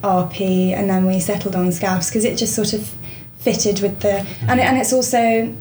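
Chatty actress in an echoey room. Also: female voice, medium pitch, flat delivery, moderate pace, a little mellow, a little hiss or hum. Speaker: stage actor. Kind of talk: casual interview. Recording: roomy echoey recording.

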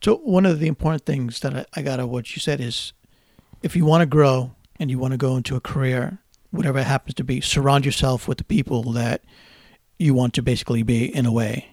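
A man's voice: mid-range voice, steady tone, brisk, a little mellow, dry recording, studio quality. A man hosting a radio show, reading a scripted introduction and then asking his guest questions.

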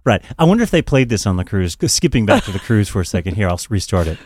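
A man's voice: on the low side, racing, husky, no echo, clean studio sound. A man co-hosting a podcast in casual, joking chat, swearing and laughing often. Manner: animated, laughing, swearing, mocking. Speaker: podcast co-host.

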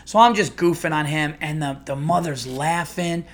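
A man's voice: fairly high pitch, normal speed. Chatty middle-aged man telling a story. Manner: rambling, animated, with restarts and acted-out quotes. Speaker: comedian and podcast host. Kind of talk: casual storytelling monologue.

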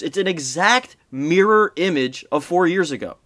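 Guy on a podcast, kinda high voice, sarcastic and swears, dry close sound. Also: expressive, a little slow, few pauses, a bit bright, no room sound. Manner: sarcastic, swears, laughs often. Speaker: podcast host. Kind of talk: casual podcast chat, reading an article aloud.

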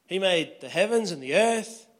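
A man's voice: sits high, animated, normal speed. A pastor preaching a sermon in a conversational way, often checking in with his listeners.

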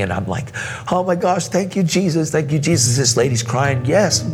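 Guest preacher, male, low-pitched, animated storyteller in a reverberant church with music under him. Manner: animated storyteller, acts out voices, says dude and man. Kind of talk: sermon storytelling. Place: church hall.

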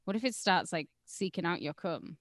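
A woman's voice: lowish voice, normal speed, a bit bright, dry recording, studio quality. A woman co-hosting a crude comedy podcast, teasing and bawdy, laughing often. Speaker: podcast co-host.

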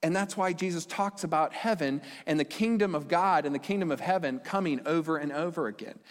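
A male pastor preaching a sermon in a conversational way, full of quick asides and checks to the audience. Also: fairly high pitch. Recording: long reverb of a large hall.

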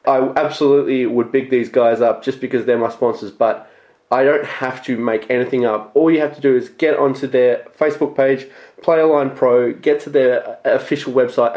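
A man hosts a casual sports podcast alone, talking bluntly and with plenty of excitement and the odd swear word. His voice sits at an ordinary middle pitch. The room around him rings with echo. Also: moderate pace. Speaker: podcast host. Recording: echoey room.

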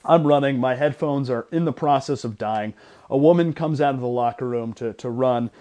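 A young man co-hosting a casual sports podcast, retelling a gym story in an animated way with lots of restarts. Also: medium pitch, moderate pace. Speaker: podcast co-host.

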